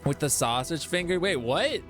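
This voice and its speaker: A man's voice: on the high side, lively intonation, normal speed. Male streamer, chatty lore-explainer, fillers and restarts, light music bed. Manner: rambling, explains game lore with many fillers; reads chat aloud and greets viewers. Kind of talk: casual live-stream chat.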